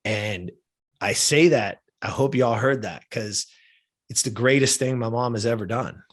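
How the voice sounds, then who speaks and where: Brief: man, 50s, mid-pitched, podcast guest telling a heartfelt story, casual and chatty. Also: a little slow. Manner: heartfelt, casual, checks in with "right?" and "you know?". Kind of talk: personal storytelling in a podcast interview.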